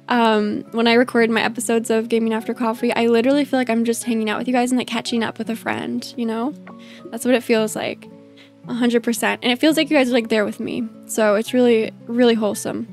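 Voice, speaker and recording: A woman streaming a game in casual commentary, bubbly and gushing, laughing often. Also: fairly high pitch. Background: faint game music.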